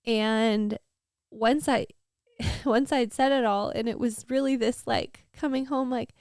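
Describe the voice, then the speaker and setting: A woman in her thirties talks candidly on a faith podcast, earnest and rambling, full of fillers. Her voice has a gravelly, fry-laced texture. The sound is dry and close. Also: a little high, steady tone, a little slow, a little mellow, no room sound. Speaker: podcast co-host.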